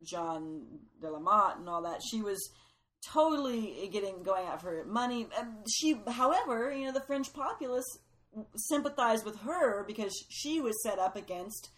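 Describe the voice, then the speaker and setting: A woman's voice: mid-range voice, animated, normal speed, fairly bright tone, rough recording. A woman casually explaining the history behind a film, agreeable and filling her sentences with ums.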